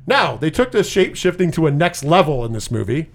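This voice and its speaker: A man with a high, lively voice that swoops up and down hosts a casual movie chat. He talks in a loose, profane way and jumps into quick impressions while retelling scenes. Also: creaky. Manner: animated, profane, quotes scenes in put-on voices. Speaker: podcast host.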